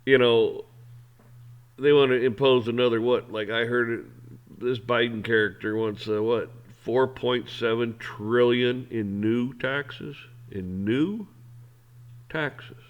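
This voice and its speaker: A man's voice: medium pitch, slow, clean tone, dull audio. A man hosting an opinion show, ranting in a blunt, heated, profane way. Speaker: host. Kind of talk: opinion rant.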